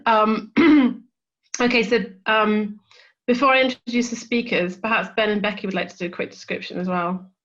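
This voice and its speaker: A woman's voice: mid-range voice, fairly even intonation, normal speed. A woman chairing an academic seminar over a video call, chatty and self-deprecating as she introduces the speakers. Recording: dull lo-fi video call audio.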